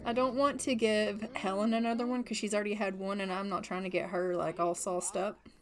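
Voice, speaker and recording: A woman's voice: medium pitch, level tone, fairly quick. A woman giving casual, chatty commentary on a life-simulation game, narrating what her characters do and playfully putting words in their mouths. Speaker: gaming channel host.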